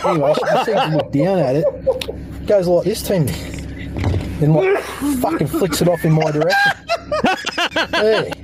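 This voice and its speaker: Aussie bloke telling a dirty story, swears a lot, a bit high voiced, noisy background. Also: male voice, huge pitch swings, normal speed, pauses often. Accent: Australian. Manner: laid-back, swears freely, laughs while telling. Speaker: guest storyteller. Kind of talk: casual profane storytelling.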